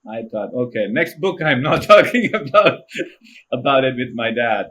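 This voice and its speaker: Animated man telling stories. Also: mid-range voice, moderate pace. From India. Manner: animated, laughs often while telling anecdotes. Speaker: podcast guest, author. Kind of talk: casual storytelling interview.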